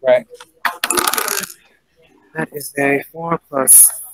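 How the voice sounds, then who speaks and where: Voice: mid-range voice, fairly even intonation, drawn-out words, no room sound, low-quality recording. A player in a casual tabletop game, thinking aloud and counting dice with fillers.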